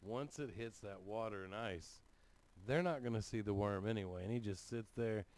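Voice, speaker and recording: A man from Louisiana hosts a podcast in crude, casual banter. He swears freely and tells stories with a joking edge, his voice sitting on the low side. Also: moderate pace, a little mellow. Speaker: podcast host.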